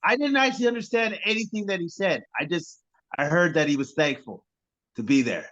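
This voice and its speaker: A man's voice: a little high, lively intonation, a little fast, fairly bright tone. Sarcastic laughing man, dull lo-fi sound. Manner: sarcastic, laughing, repeats himself. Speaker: sports podcast co-host. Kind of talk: casual chat.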